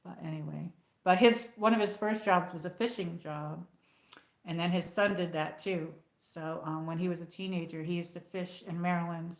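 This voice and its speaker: A woman's voice: fairly low pitch, fairly even intonation, moderate pace. A woman hosting a casual livestream from home, rambling and chatty as she greets viewers by name. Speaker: livestream host. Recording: echoey room.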